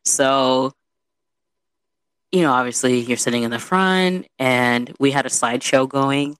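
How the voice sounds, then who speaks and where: Young adult woman, lively casual storyteller, dry untreated sound. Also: a bass voice, unhurried, smooth, no echo. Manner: animated, chatty, peppered with "you know".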